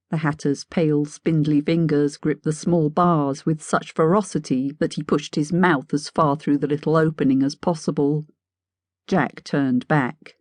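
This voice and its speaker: A woman narrating an audiobook in a wry, measured storytelling manner. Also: low-pitched, fairly even intonation, darkish tone, dry recording. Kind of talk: scripted narration.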